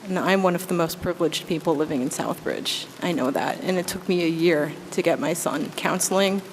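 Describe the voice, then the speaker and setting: A woman's voice: lowish voice, fairly quick. A woman in her thirties speaking as a school committee member at a public meeting, making an earnest, impassioned appeal. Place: town meeting room. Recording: echoey meeting hall, faint background noise.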